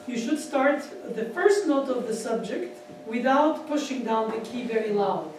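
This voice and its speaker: A man giving a piano masterclass, animated and laughing as he counts beats aloud. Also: extremely high pitch, a little slow. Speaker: piano teacher. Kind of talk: masterclass instruction. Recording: echoey hall from far off, piano. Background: piano playing.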